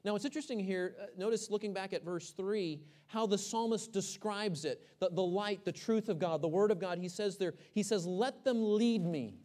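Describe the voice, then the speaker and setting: A man from Texas preaching a sermon to his congregation. He swings from loud emphasis to hushed, almost whispered phrases, asks the room questions and often repeats words as he restarts a thought. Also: high-pitched, moderate pace, few pauses. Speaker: pastor.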